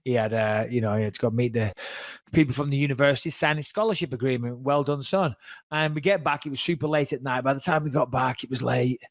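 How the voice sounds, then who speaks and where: A man's voice: medium pitch, quick pace, no echo. A man, telling a story casually on a podcast and acting out the people he quotes. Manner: animated, acts out quoted dialogue.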